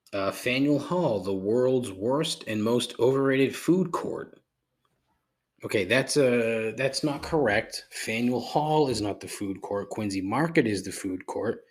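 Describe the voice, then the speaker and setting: A man's voice: mid-range voice, animated, a little slow, a bit bright. A man hosting his podcast alone, ranting sarcastically with lots of swearing and rambling asides. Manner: sarcastic, profane, rambling with frequent fillers. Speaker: podcast host. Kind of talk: casual solo podcast rant.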